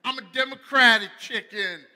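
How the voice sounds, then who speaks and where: Preacher doing a cocky high-pitched runaway chicken, shouty and stubborn, echoey hall. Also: male voice, moderate pace, exaggerated voice. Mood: defiant. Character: defiant, freedom-loving runaway chicken.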